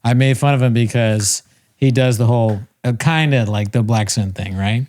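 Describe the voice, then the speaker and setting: A man's voice: mid-range voice, a little mellow. Rambling, self-mocking man telling a story. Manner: rambling, self-mocking, quick to laugh at himself. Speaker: podcast co-host. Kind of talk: casual storytelling chat.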